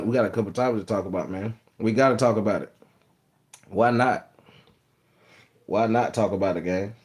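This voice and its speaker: A man's voice: medium pitch, a little mellow. A man hosting a live stream, chatting casually and repetitively with his viewers, teasing commenters and calling them "gang", recorded on a phone. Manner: loose, repetitive, addresses chat as "gang". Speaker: livestream host.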